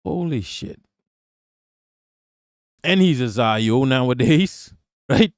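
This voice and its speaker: Animated but slow, with long pauses, a man with a mid-range voice is heard in clean studio audio free of room sound. His casual live-stream commentary has him reacting to news and talking to chat, profane and sarcastic.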